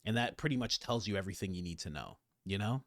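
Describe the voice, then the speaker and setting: Animated man, dry close voice. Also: on the low side, fast talker, dry recording. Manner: rambling, animated, many fillers. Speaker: host and political commentator. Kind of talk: casual political commentary.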